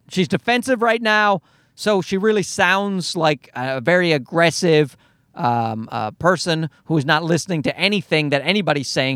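Slightly high in pitch, a man rants profanely through a meandering story into a microphone from his car in a parking garage, breaking into his own sentences with animated energy. Clean studio audio, no room sound.

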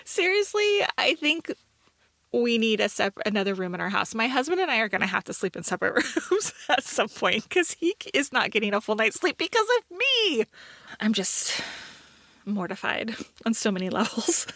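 A woman's voice: fairly high pitch, big pitch swings, normal speed, a bit bright, dry recording, studio quality. A middle-aged woman co-hosting a podcast, telling a self-mocking story in casual chat, full of fillers. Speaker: podcast co-host.

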